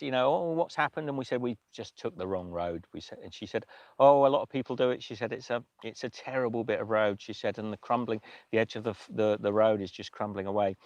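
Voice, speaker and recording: A man hosting a livestream, telling a story in a casual, emotional way with many halting restarts. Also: mid-range voice, no room sound, highs cut off. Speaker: livestream host.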